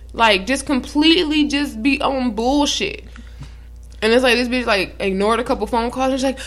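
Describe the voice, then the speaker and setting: A young woman co-hosting a podcast in casual chat. She tells stories in a lively, frank way, acts out quotes and swears freely. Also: a little high, moderate pace. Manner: animated storytelling, acts out quotes. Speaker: podcast co-host.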